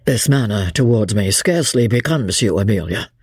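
A woman voicing a grave, honorable male army officer who speaks haughtily and haltingly. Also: deep voice, big pitch swings, dark tone, no room sound, clean studio sound. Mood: stern.

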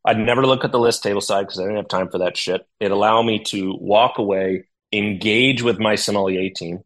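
A middle-aged man, a sommelier and restaurant owner, talking in a casual interview as a lively storyteller who acts out dialogue and swears freely. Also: on the low side, brisk, hardly any pauses, low-quality recording.

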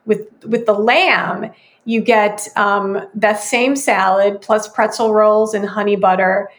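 A female co-host in casual chat, reading off menu items and pausing on ums. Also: mid-range voice, steady tone. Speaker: food news co-host.

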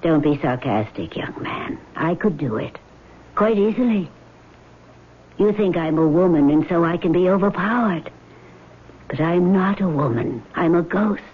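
An actress playing a vengeful female ghost in a 1970s radio drama, speaking slowly and sometimes whispering. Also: fairly low pitch, lively intonation, slightly rough. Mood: cold, menacing. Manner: slow, measured, sometimes whispering. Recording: tinny old radio broadcast with faint hiss.

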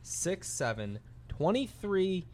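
A man's voice: high voice, big pitch swings, takes it slowly, darkish tone. A man co-hosting a casual baseball chat, asking questions and reading out stats. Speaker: co-host.

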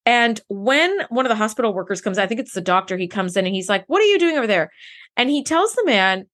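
A woman co-hosting a podcast, recapping an episode in casual chat, animated, swearing and acting out the characters' lines. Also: mid-range voice, brisk. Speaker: podcast co-host.

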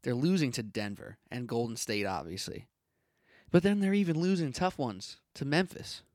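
A young man hosts a solo sports podcast in a punchy, opinionated rant, firing off rhetorical questions. His voice sits at an ordinary middle pitch. The recording is dry and close, with no room sound. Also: expressive, normal speed, a little mellow, no echo.

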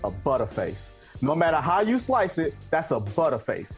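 A man's voice: on the high side, sing-song, moderate pace, faint music behind. Brash man arguing basketball takes. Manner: brash, emphatic, teasing. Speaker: guest analyst. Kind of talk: sports debate talk.

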